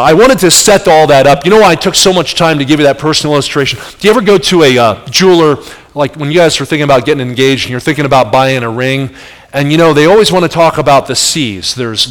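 Middle-aged male evangelist from New Jersey, animated storyteller preaching in a church with long hall reverb. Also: a little high. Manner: animated storyteller, voice jumps up for the punch lines. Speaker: traveling evangelist. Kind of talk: sermon with personal story.

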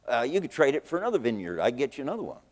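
A man's voice: medium pitch, very animated, racing, big-room sound, lightly acted. A man preaching, voicing a greedy, sulky king who pleads and pushes to get his way. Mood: pleading.

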